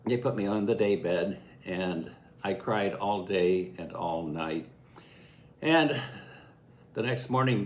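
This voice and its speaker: A man's voice: low-pitched, slight background noise. Elderly man telling a folksy tale. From Illinois, USA. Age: 80s. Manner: folksy, chuckling, lively storytelling. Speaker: storyteller recalling childhood. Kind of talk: casual spoken memoir. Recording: echoey room.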